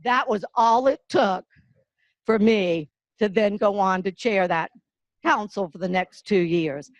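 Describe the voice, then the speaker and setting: A woman's voice: medium pitch, dry recording, rough recording. An older woman from the North Carolina-Virginia border, giving a folksy, heartfelt award tribute. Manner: folksy storyteller, slow and emotional. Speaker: award presenter.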